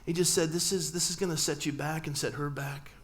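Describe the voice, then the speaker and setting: A man's voice: on the high side, steady tone, a little fast. A middle-aged man, a pastor, telling a personal story in a sermon and acting out family dialogue with humor. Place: church sanctuary.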